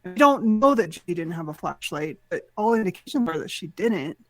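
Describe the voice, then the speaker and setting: A woman on a podcast team, speaking casually and earnestly, with halting restarts. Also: lowish voice, animated. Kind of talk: casual chat.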